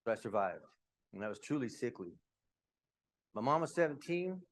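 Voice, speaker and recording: A man in his fifties from Utah, candidly telling his own life story to a room, with quick asides. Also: medium pitch, big pitch swings. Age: 50s. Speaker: speaker. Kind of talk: personal story talk.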